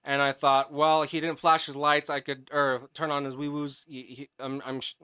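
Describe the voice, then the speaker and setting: Bright, crisp-voiced podcast guy. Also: fairly high pitch, normal speed, dry recording, studio quality. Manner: animated, profane, swings into loud yelling when retelling. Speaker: podcast co-host. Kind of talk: casual chat, storytelling.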